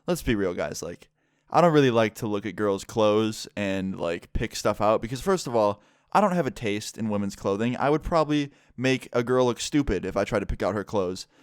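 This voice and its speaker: A man's voice: lowish voice, moderate pace, clean tone, no room sound, studio quality. A man telling a personal story in a casual storytime vlog. He talks candidly, swears freely, fills his speech with "like" and acts out the other people in the story. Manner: animated retelling, voices the other people in the story.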